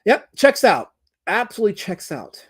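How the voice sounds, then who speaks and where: A man's voice: high voice, sing-song, normal speed, a bit bright, breathy edge. A man hosting a casual livestream, reading out chat comments and rambling with many restarts and fillers.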